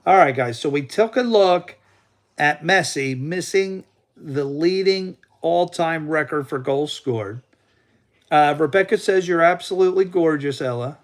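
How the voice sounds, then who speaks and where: A man hosting a casual livestream, excitable and playful, keeps calling on his sidekick. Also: on the high side, a little slow. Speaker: livestream host.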